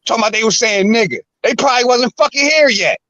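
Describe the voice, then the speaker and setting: Man, high sharp voice, aggressive profane ranting, stammers, dry sound. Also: animated, fairly quick, dry recording, highs cut off. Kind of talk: heated argument.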